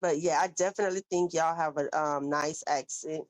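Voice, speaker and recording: A woman hosts a casual livestream, reading comments from chat in a chatty, animated way and calling viewers baby. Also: deep voice, normal speed, dry recording, low-quality recording.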